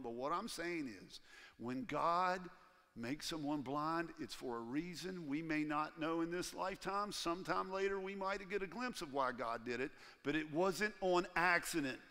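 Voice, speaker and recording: A man preaching a sermon as pastor in a church, animated and acting out the voices he quotes. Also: on the high side, big-room sound. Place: church sanctuary.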